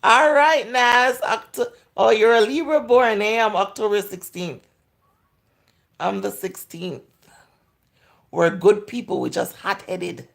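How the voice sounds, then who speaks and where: Answering viewer comments on a casual livestream, this host is a woman in her forties with a Jamaican accent. She speaks slowly in a mid-range voice thick with gravelly fry, staying chatty and frank and drifting into patois along the way.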